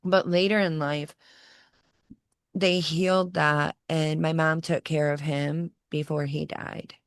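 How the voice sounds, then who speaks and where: Woman in her forties, podcast guest, low gravelly voice, lively storyteller who acts out quotes, dry close sound. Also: slow pace, no echo. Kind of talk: personal storytelling in casual conversation.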